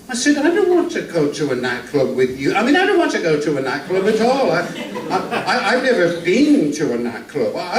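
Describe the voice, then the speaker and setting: A man's voice: sits high, pitched above the performer's own voice. An older man playing an old, henpecked music-hall comedian. He tells jokes in a rambling, stammering patter in a vaudeville routine. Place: theater stage. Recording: echoey stage from a distance, faint room noise.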